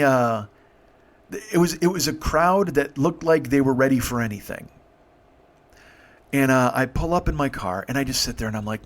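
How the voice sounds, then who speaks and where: Man, 50s, comedy host, storytelling monologue, rambling, profane, frequent restarts, mid pitch. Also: fairly bright tone.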